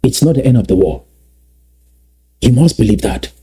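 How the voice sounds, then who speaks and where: Guy giving a pep talk, very dark mellow voice, kinda husky, repeats stuff slow for effect. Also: mid-range voice, expressive. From Southern Cameroons. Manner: emphatic and repetitive, slowing down to stress key phrases. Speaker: activist speaker. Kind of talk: motivational address to a community.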